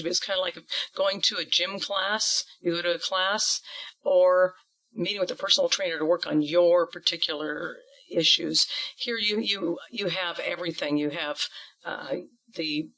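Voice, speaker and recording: A man's voice: high-pitched, steady tone, normal speed, bright, forceful tone, rough recording. A man who teaches singing, answering interview questions earnestly and often repeating words as he goes. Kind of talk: conversational interview.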